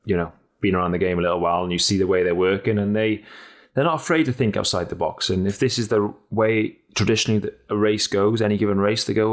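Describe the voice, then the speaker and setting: Deep-voiced blunt man in casual chat. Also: quick pace. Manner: blunt, energetic, swears freely, frequent restarts. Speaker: podcast co-host and cycling pundit.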